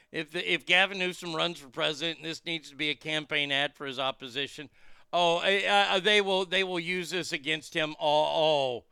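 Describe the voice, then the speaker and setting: A man's voice: fairly high pitch, normal speed, gravelly, sharp tone, smooth, no room sound, clean studio sound. A man in a car giving crude, angry commentary while reacting to a news clip. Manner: angry, crude, blunt, heated. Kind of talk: profane ranting commentary.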